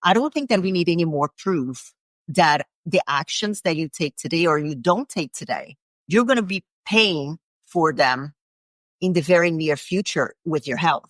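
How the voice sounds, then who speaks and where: A woman's voice: low-pitched, expressive, normal speed, no echo. A woman hosting a fitness podcast, talking with a guest in an earnest, candid way. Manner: earnest, candid, occasional swearing. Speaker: podcast host. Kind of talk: conversational interview.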